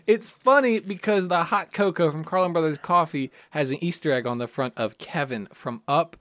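A man's voice: a little high, moderate pace, fairly bright tone. A young man hosting a movie podcast in a casual, joking chat. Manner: goofy and joking. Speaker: podcast host.

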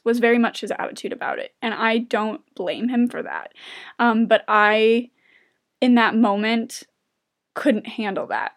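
A young woman vlogger telling a personal story to camera in an earnest, open way, often breaking off and restarting, and growing emotional as she talks. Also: fairly high pitch. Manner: earnest, halting, with many restarts; openly emotional. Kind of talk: personal confessional talk to camera.

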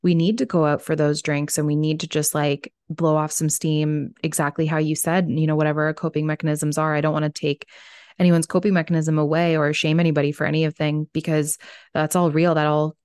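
A woman's voice: deep voice, flat delivery, a little fast, darkish tone, smooth, no room sound, clean studio sound. A woman hosting a podcast interview, talking candidly and bluntly, swearing freely and acting out little dialogues as she tells stories. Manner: acts out little dialogues when telling stories. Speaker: podcast host. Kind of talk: casual interview chat.

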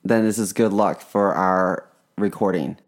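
Low-voiced, laid-back male podcast co-host. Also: steady tone, a little slow. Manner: laid-back storyteller, dry teasing, hesitant fillers. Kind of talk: casual chat.

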